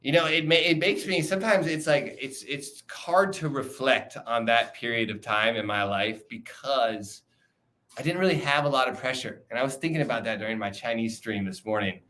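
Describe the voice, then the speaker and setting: A young streamer chats casually on a livestream, loose and profane, rambling and frequently restarting his sentences. His mid-range voice is pushed and bright, at normal speed.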